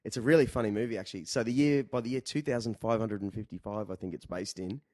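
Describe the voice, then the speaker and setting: A man's voice: lowish voice, fast, warm tone, no room sound, clean studio sound. Rambling man hosting a chat. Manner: rambling, loose, swearing casually. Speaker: podcast host. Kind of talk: casual chat over beers. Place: indoors, relaxed room.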